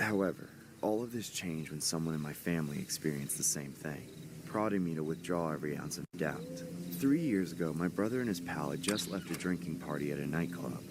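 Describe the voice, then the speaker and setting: A man's voice: extremely low pitch, noisy background. A man narrating a horror story in a dramatic scripted style. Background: music.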